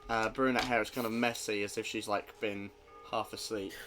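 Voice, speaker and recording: Low-voiced man running a tabletop game. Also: steady tone, moderate pace, over music. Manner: hesitant, many fillers. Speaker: game master.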